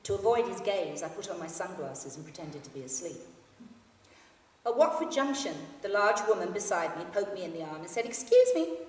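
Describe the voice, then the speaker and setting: Low-voiced woman reading in an echoey hall. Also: expressive, a little fast. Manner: dry, understated storytelling. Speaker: author reading her memoir. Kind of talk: public book reading. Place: library hall. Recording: echoey hall, mic from far off.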